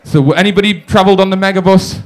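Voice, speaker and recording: A stand-up comedian from Warrington with a Northern English accent, telling self-deprecating, swearing stories on a comedy club stage. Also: male voice, high-pitched, fairly even intonation, very fast. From Warrington, England.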